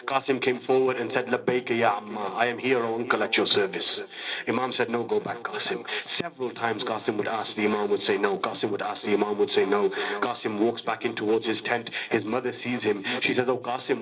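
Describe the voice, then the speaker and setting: A man delivering a Muharram sermon, telling a tragic story that sinks low and soft, then swells into loud wailing. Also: rough recording. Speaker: preacher.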